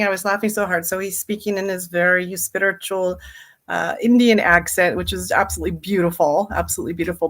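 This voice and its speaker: A middle-aged woman, a hypnotherapist and business coach, giving a chatty, upbeat live training talk and laughing easily. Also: mid-range voice.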